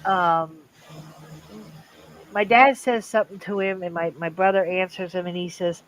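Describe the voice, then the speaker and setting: An older woman hosting a livestream, telling a family story in a casual, animated way and acting out the voices of the people in it. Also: on the low side, normal speed, a little hiss or hum, low-quality recording. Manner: animated, acts out quoted voices. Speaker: livestream host.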